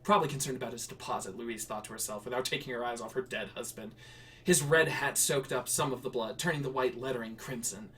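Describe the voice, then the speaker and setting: A man's voice: mid-range voice, quick pace, bright, forceful tone, far from the mic. Man reading his own story, chuckling. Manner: laughing, self-correcting, rambling asides. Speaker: streamer writing flash fiction live. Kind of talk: casual streamed reading.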